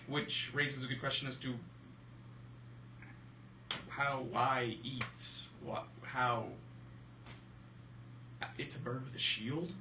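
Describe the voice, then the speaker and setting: A young man co-hosting a casual movie-review chat, animated and jokey. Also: a little high, slight background noise. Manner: animated, jokey, slips into silly voices. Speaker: film review podcast co-host. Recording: roomy room from a distance.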